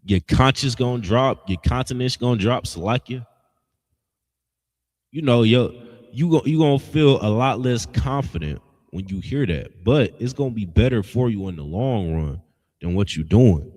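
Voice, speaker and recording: A male religious teacher preaching in a blunt, scolding way, full of slangy asides. His mid-range voice swings widely in pitch as he drives each point home. A long reverb trails behind every phrase. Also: animated, normal speed, a little mellow. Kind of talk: street-style preaching lesson.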